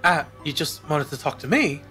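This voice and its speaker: A man voicing a suave, flirtatious showman in a game, smooth and flattering. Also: a little high, moderate pace, faint music behind.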